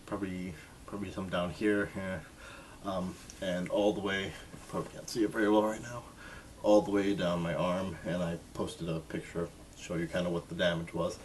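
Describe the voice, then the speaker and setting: A man's voice: low-pitched, slight background noise. A man casually telling a self-mocking story to his camera in a jokey vlog style. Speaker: vlogger.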